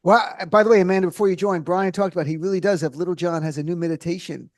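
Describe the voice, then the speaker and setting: A rapid-fire male radio host with a high, bright voice, tossing out quick jokes and asides to his guests. He sounds close and dry, as if speaking right into a studio mic. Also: fairly even intonation, dry recording. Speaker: radio talk show host. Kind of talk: fast comedic chat.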